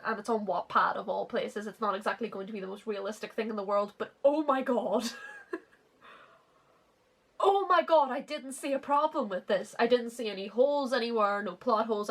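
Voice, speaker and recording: A woman in her twenties reviews the fan fiction she wrote as a teen, reading it aloud with sarcastic comedy, laughing often and swearing. Her mid-range voice moves fairly quickly with few pauses.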